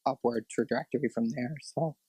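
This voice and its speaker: A young man sharing a personal testimony on a podcast, halting and full of fillers and restarts. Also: mid-range voice, steady tone, dark tone, breathy edge, no echo, poor audio. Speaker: podcast guest. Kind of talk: personal testimony in casual talk.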